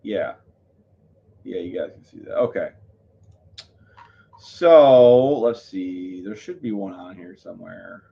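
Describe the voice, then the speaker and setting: A man's voice: lowish voice, lively intonation, takes it slowly, vocal fry, long pauses, lo-fi sound. A man chatting casually on a live stream, rambling, full of fillers and self-corrections. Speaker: livestreamer.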